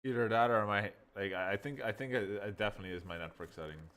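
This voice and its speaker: A man casually reviewing software while thinking aloud, rambling as he goes. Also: on the low side, fast talker. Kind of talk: casual screen-recording review.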